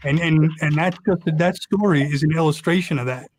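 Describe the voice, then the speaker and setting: A male podcast host with a fairly high voice for a man. He reflects back on his guest's story in a halting way and restarts with repeated words. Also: slight background noise. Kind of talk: interview talk.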